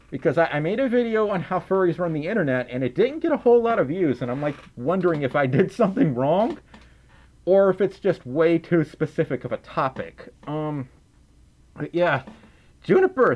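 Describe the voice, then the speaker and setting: Giggly Southern-accented male streamer, goofy casual chat, voice bouncing high and low. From Mississippi, US South. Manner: silly, giggly, reads donations aloud. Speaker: livestream host. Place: indoors at home, wearing a fursuit head.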